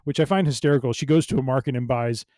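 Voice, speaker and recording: A man with a smooth, resonant, mid-pitched voice recaps a story casually, full of fillers. His tone stays playful, and the sound is close and dry. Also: fast, darkish tone, dry recording. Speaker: podcast co-host. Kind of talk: casual chat.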